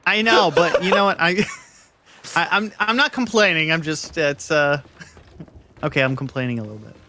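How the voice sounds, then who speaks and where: A man's voice: a little high, moderate pace, sharp tone. A man gaming with friends, rambling and giggly, mocking himself. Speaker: co-player. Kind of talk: casual gaming chat.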